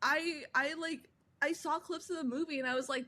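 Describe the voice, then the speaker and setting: A woman's voice: high voice, fast talker. A young woman and daughter in casual podcast chat, telling stories with lots of filler words. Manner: animated storytelling with filler words.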